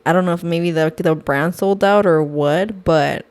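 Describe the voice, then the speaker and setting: A woman's voice: fairly low pitch, a little slow, darkish tone. A woman co-hosting a casual podcast, talking bluntly with plenty of slang and swearing. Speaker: podcast co-host.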